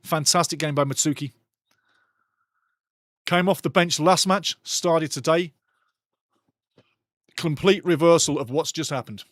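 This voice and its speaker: A man's voice: on the high side, a little slow, pauses often, no room sound, studio quality. Passionate man calling a match. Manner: loud, passionate, mocking the referee. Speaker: watch-along football commentator. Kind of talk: live match commentary with chat banter.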